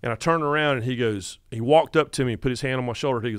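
Male, 50s, North Carolina Southern accent, animated podcast storyteller, dry studio sound. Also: medium pitch, quick pace, clear, resonant tone, dry recording. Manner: animated storyteller who acts out quotes. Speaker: guest podcast host.

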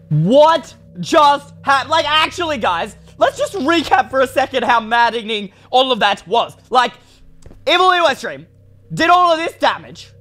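Young man, gaming commentary, excitable, ranting, faint background music. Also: extremely high pitch. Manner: excitable, shouts and rants at the game. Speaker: gaming YouTuber. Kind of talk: Minecraft let's play commentary.

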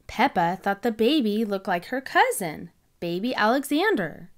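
A woman's voice: medium pitch, sing-song, normal speed. A woman reading a picture book aloud to young children in an enthusiastic, child-directed way. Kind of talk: read-aloud storytelling for kids.

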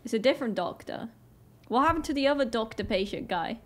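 A young British woman with a British accent, hosting a casual reaction vlog, chatty and excitable with many "like" fillers. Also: a little high, fast talker. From Britain. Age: young adult. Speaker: reaction video host. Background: faint music video playing.

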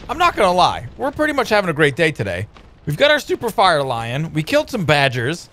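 A man hosting a let's play, commenting on gameplay in an excitable, joking way with many exclamations. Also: fairly high pitch, fairly quick.

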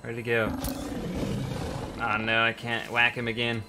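A man commentating a survival building game as he plays, excitable and quick to yelp in panic or laugh at mishaps. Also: medium pitch, over music. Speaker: gaming channel host. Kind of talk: let's play commentary.

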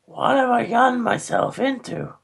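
A podcaster voicing an excitable, dramatic teenage girl gamer in a comic script reading, shouting her lines over the top. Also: mid-range voice, moderate pace, gravelly, slightly rough, heavily acted. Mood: anguished.

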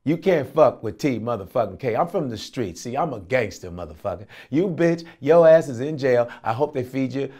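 A man voicing a gruff, boastful street-tough comedian who curses constantly in a low growl. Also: sing-song, moderate pace, hardly any pauses, a little mellow. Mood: mocking menace. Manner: profane, mocking growl.

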